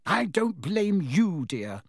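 A man's voice: high-pitched, big pitch swings, slow pace, vocal fry, breathy edge, no echo, studio quality, voice pushed up, heavily acted. A man voicing a fussy, motherly woman who snaps out scoldings, reading a storybook. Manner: sharp, snapping scolds softening to fond.

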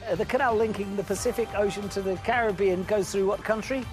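A man hosting a quiz show, brisk, upbeat and teasing. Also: high voice, fairly even intonation, over music.

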